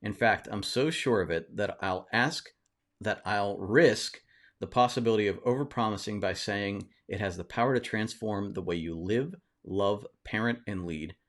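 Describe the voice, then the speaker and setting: Male host reading a book passage aloud on a live session, lower register, steady narration. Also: moderate pace.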